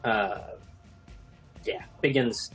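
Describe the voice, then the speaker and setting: Man player at a tabletop game, mid-pitched, rambles, chuckles, faint music. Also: very slow, fairly bright tone. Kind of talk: casual tabletop play.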